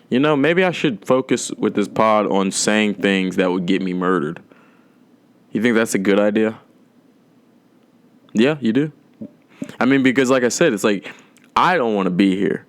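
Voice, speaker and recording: A young man hosting a podcast, talking in a loose, rambling way, swearing a lot and making dark jokes. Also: lowish voice, no room sound. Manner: rambling, profane, darkly joking, drawn out. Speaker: podcast host. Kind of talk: casual rambling monologue.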